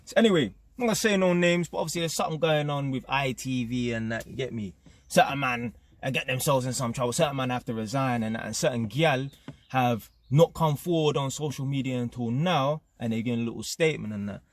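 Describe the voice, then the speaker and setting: A man's voice: mid-range voice, fast talker. A young man, ranting his opinions to camera as a channel host in slangy street talk, forever tagging questions onto his lines. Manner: slangy, streetwise, repeats tag questions like innit. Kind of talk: casual opinion rant to camera.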